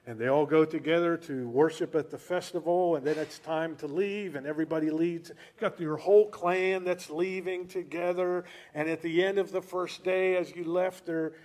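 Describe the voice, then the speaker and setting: A male preacher giving a sermon, telling stories in an animated way and asking rhetorical questions. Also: fairly high pitch, moderate pace, few pauses.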